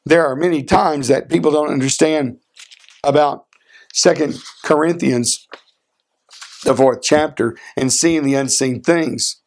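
A man preaching a sermon, earnest, asking rhetorical questions and slowing down for emphasis. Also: on the high side. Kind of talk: sermon with a personal story.

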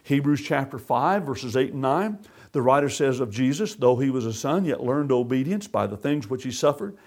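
A man teaching a Bible lesson, reading scripture aloud in a measured, emphatic way and then explaining it. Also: medium pitch, expressive, a little mellow. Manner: measured, emphatic delivery with formal King James readings.

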